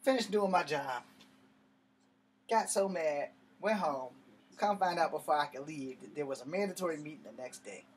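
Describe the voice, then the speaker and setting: A young man doing stand-up storytelling in an animated, profane, conversational way. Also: a little high, moderate pace, slightly rough. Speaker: comedian.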